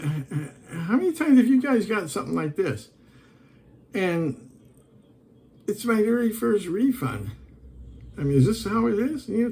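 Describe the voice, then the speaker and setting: A man's voice: a little high, mellow, husky, poor audio. A man talking casually to camera as an online reseller, exasperated and rambling as he tells a story and reads messages aloud.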